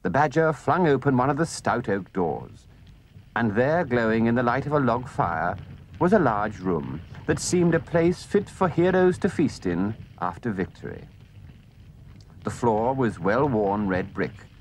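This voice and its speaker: A man narrating a children's storybook with gentle, expressive delivery. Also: mid-range voice, a little slow, a little hiss or hum.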